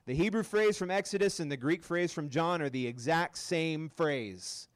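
A man's voice: a little high, moderate pace. A man preaching to a campus group in a casual, joking way, often checking in with the room. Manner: casual, joking, keeps asking the crowd "right?". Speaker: campus ministry speaker. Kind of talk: sermon.

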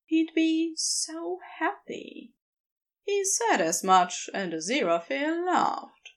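A woman narrating fan fiction aloud with expressive storytelling. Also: very high-pitched, takes it slowly.

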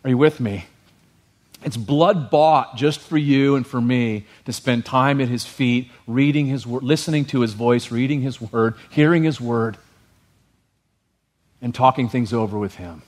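A male pastor giving a sermon in a lively, humorous way, often checking in with the congregation. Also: medium pitch, unhurried.

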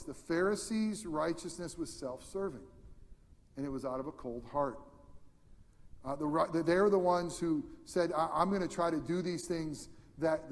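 High-voiced male pastor preaching in a hall. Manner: swings from loud emphatic peaks to hushed near-whispers. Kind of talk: sermon.

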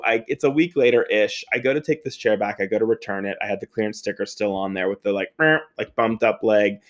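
Animated, profane male storyteller. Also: mid-range voice. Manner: animated, profane, laughing often, acts out quotes. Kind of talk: comedic personal anecdote.

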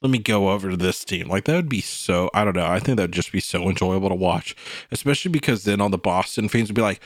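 A man co-hosting a sports podcast, talking in a rambling, animated way full of "you know" and "like". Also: low voice, fast talker, no echo, clean studio sound. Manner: animated, slips into mock quotes. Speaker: podcast co-host. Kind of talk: casual sports chat.

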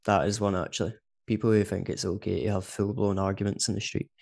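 Scottish male podcast co-host, casual and chatty, lowish pitch, laughs a lot between points. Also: fairly even intonation, fast, gravelly, a little mellow. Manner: chatty, laughs often, says "do you know what I mean". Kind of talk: casual chat.

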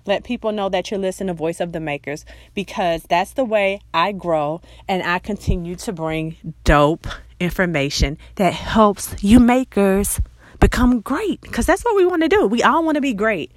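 A woman's voice: mid-range voice, expressive, moderate pace, no echo. Chatty motivational woman podcast host. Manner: chatty, motivational, laughs often. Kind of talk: casual solo podcast talk.

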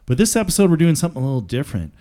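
A man's voice: fairly high pitch, very animated, racing, dark tone. A man hosting a podcast in casual chat, joking and rambling with fillers. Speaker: podcast host.

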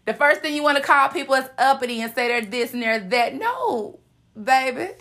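A woman's voice: high voice, lively intonation, moderate pace, a bit bright. A woman hosting a motivational podcast monologue, sassy and profane, preaching and repeating lines for emphasis. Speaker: podcast host.

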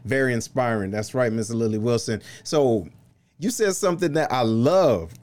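A man hosting a live-streamed interview show, lively and excitable, shouting out viewers. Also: medium pitch, normal speed. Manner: lively, excitable, laughs loudly. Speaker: host.

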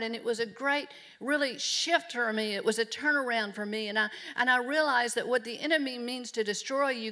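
A woman's voice: on the high side, pushed and bright. A middle-aged woman preaching a sermon in an emphatic, earnest way. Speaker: pastor.

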